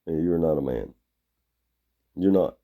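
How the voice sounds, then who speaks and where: A blunt, gruff man delivers a rambling opinion monologue. His voice sits extremely low, with a gravelly fry and a dark, mellow tone. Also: unhurried.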